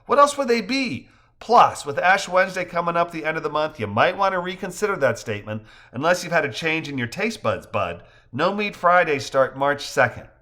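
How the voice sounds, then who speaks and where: An opinionated young woman, as a male reader does her, emphatic and quick to correct. The voice is pitched well above his own, bright and tense. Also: very animated. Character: opinionated young woman proud of Irish roots.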